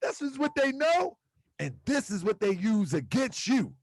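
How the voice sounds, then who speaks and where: A man with a strikingly high voice lectures his online audience and fires off repeated rhetorical questions. His pitch leaps around with lively energy. The sound is close and dry. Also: unhurried, no echo. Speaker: host. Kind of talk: livestream commentary to chat.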